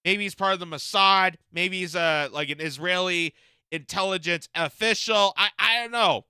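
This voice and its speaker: Indignant high-voiced male commentator. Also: moderate pace, sharp tone, clean tone, no room sound, clean studio sound. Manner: indignant, emphatic. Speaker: political commentator. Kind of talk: reaction commentary.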